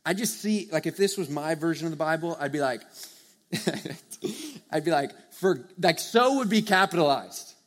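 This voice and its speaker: A young man preaching a sermon to a live audience, earnest and conversational, swinging from hushed to loud emphasis. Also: on the high side, expressive, normal speed. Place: church or meeting hall with a live audience.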